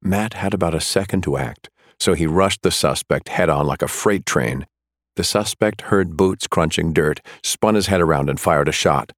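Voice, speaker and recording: A man narrating a thriller audiobook in a measured, steady way. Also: low voice, no echo, clean studio sound.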